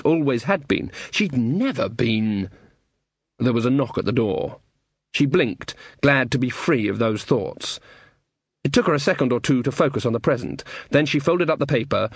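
A man reading a story aloud as an audiobook narrator, in a measured, wry storytelling manner. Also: medium pitch, slightly rough, no room sound. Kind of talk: scripted narration.

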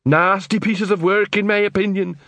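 A man voicing a slow-witted, kindly male troll constable who speaks in halting, broken phrases. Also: sits high, steady tone, a bit bright, dry recording, pitched above the performer's own voice. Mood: earnest.

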